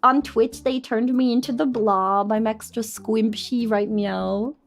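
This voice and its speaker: A woman's voice: on the high side, fairly even intonation, a little slow. A young woman chatting casually on a live stream, bubbly and giggly.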